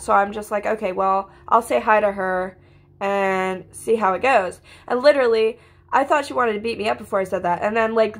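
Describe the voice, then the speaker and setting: A young woman vlogging in a casual, rambling monologue, swearing often and packing her talk with fillers. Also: a little high. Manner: profane, ranting, filler-heavy.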